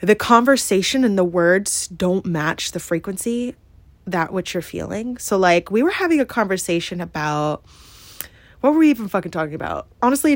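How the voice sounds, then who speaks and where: A woman hosting a podcast tells a personal story candidly and emphatically, swearing freely and leaning hard on "like" and "yeah?". Her voice is mid-range, and the recording is dry.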